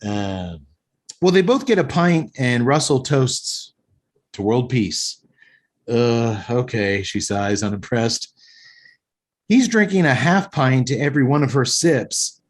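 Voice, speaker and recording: A man in an average pitch talks eagerly through a movie on a casual podcast. He retells the scenes and mixes in his own opinions as he goes. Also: big pitch swings, unhurried. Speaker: podcast host. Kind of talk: casual film recap and review chat.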